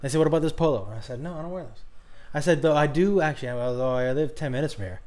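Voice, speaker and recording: A male comedian guest telling a casual, animated anecdote. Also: a little high, rapid-fire. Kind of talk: casual chat.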